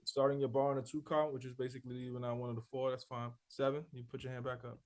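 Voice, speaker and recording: Talking fast in a level tone, this man has a medium-pitched, darkish voice. He's reviewing a rhythm class casually as a rap instructor, echoing what students say and scatting syllables to demonstrate flows.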